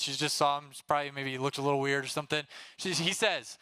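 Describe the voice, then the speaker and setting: Bright, upbeat young male youth pastor. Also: fairly high pitch, quick pace, smooth. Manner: energetic, casual, keeps asking "right?". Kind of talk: teaching a Bible lesson to students.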